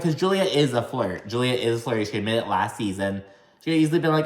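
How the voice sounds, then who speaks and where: A man giving a casual, gossipy recap of a reality show. He swears a lot and mimics cast members' lines in high, exaggerated voices. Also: lively intonation, quick pace, echoey room.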